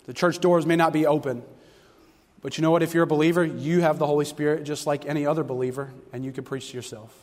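A man preaching a sermon to a congregation, telling stories with animated, fervent delivery. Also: fairly high pitch, fast talker. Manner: animated storytelling, rising to loud fervent passages. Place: church sanctuary. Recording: long hall reverb.

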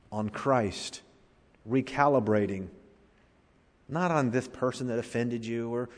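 Preacher in a reverberant hall. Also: male voice, mid-range voice. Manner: preaching with rising and falling emphasis, rhetorical questions. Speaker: pastor. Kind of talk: sermon.

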